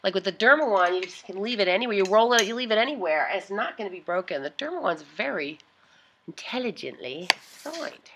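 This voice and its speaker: A woman's voice: mid-range voice, lively intonation, fast talker, background noise. A woman vlogger chatting casually as she tries out beauty gadgets, rambling and often trailing off mid-thought.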